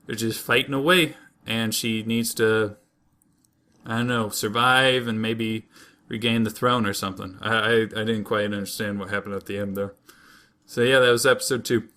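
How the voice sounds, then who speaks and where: A man's voice: medium pitch, sharp tone. A man co-hosting a podcast, recapping a show in a rambling, jokey way and slipping into silly put-on voices. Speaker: podcast co-host. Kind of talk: casual comedic recap.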